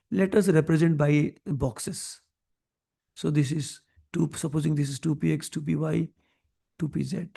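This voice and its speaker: Brief: male chemistry teacher with Odia accent, gravelly and mellow, fast classroom delivery. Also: fairly high pitch. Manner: mixes English with Odia, quizzes students. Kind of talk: classroom lecture.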